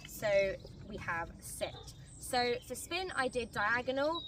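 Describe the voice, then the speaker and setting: Woman, dog trainer, bright higher voice, clear step-by-step explaining, distant mic outdoors, faint birdsong. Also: sing-song, takes it slowly, slight background noise. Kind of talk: instructional tutorial.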